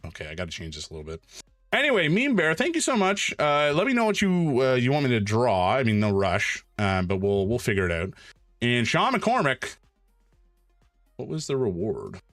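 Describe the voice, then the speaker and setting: A man chatting on a live stream in a lively, swooping voice that jumps high when he gets excited. His talk is jokey and animated, full of exclamations. The sound is dry and close, with faint music underneath. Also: moderate pace, no echo. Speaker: streamer hosting a charity stream. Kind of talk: casual live-stream chat while drawing.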